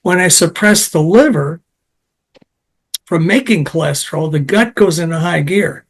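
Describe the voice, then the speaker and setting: Man, health science guest, high voice, chatty and technical, runs off on tangents. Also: a little slow, breathy edge. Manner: digressive, technical, storytelling. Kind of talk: conversational interview.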